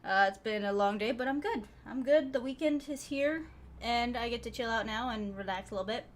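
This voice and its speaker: A woman's voice: a little high, brisk. A woman streamer, chatting casually and laughing with her live chat viewers, a little out of breath. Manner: laid-back, chatty, laughs often, trails off with fillers.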